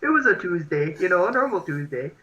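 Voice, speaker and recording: A man's voice: high-pitched, very animated, fast talker, muffled recording, a crowd in the background. A young man co-hosting a podcast in casual chat, rambling and laughing with lots of filler words. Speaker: podcast co-host.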